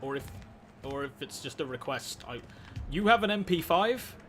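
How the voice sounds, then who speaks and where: A man's voice: fairly high pitch, expressive, moderate pace, a bit bright, slight background noise. A man hosting a gaming video, giving dry, wry let's play commentary and often stammering and restarting his sentences.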